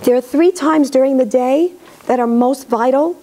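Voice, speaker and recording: A middle-aged woman lecturing in a synagogue, talking directly and lively and acting out parents' voices. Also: sits high, normal speed, slight background noise, low-quality recording.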